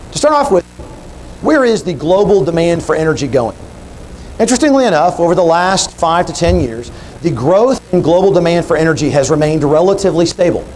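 A man's voice: sits high, darkish tone, slight background noise, poor audio. A man speaking at an industry conference, telling a story and walking through numbers in an explanatory way. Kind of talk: keynote speech. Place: conference hall.

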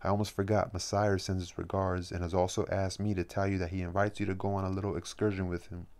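A sly male demon envoy who speaks with smooth, mock-polite courtesy, as a man reads him aloud. The voice sits very low and keeps an even, level tone. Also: quick pace.

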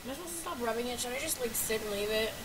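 Young woman vlogger, high bright voice, profane and loud one moment, mumbling the next. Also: racing, slight background noise, rough recording. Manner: profane, loud exclamations and muttered hums. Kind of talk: casual unscripted vlog chat.

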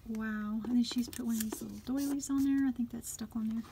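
A woman's voice: a little high, fairly quick, gravelly, slight background noise. Gushing woman unboxing crafts. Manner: gushing, excitable, softly murmuring asides. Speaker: craft vlogger. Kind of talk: unboxing commentary, chatty. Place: home craft room.

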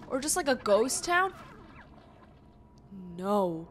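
A woman's voice: on the high side, animated, a little slow, pushed and bright, slight background noise. A young woman hosting a gaming channel, reacting to the game as she plays, easily startled, talking to the game and her chat with gasps and exclamations. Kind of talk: casual let's-play commentary.

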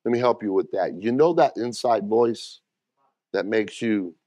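A man's voice: on the low side, unhurried, mellow, no echo. A middle-aged man preaching a sermon as pastor, talking plainly and directly to the congregation and calling for responses.

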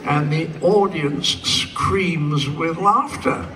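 Older man telling slow dry stage anecdotes. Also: fairly high pitch. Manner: slow rambling storyteller who acts out dialogue with dry humor. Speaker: convention guest speaker. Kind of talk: stage anecdote for a live audience. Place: large convention hall stage. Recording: distant hall pickup with faint crowd ambience.

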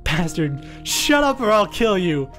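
Woman doing a furious young hero, yelling. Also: deep voice, animated, slow pace, faint music behind. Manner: shouting, explosive. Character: enraged young man, the story's hero.

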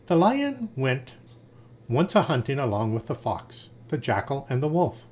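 A man reading fables aloud in a lively storytelling manner. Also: medium pitch, unhurried.

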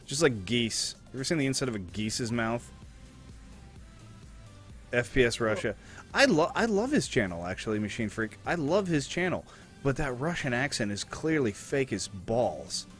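A young man talks into a headset while he plays, rambling from one crude joke to the next. His voice sits at a middle pitch. Faint game music plays underneath. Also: very animated, normal speed, fairly bright tone. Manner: crude, rambling, swears a lot. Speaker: streamer. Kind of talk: casual gaming chat.

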